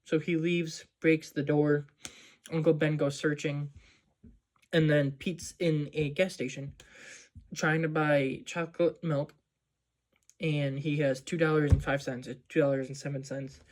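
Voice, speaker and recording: A man's voice: on the high side, level tone, measured pace, a little mellow. A man casually recapping a movie plot as a reviewer, rambling with lots of "um" and "like". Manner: rambling, many fillers like "um" and "like".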